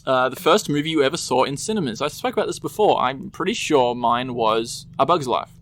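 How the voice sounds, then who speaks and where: A man's voice: mid-range voice, animated, brisk, a bit bright. A young man co-hosting a casual podcast chat, rambling with lots of ums and quoted movie lines. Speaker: podcast co-host.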